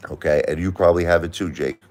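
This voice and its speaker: A man's voice: deep voice, steady tone, fast talker, darkish tone. A middle-aged man hosting a live stream, giving blunt, repetitive advice to a caller, close to tears. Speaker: livestream host.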